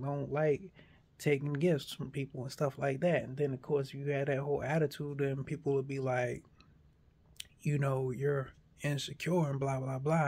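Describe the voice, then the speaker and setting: A man in a casual monologue, arguing a point in an animated way and acting out imagined back-and-forth dialogue. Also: medium pitch, husky.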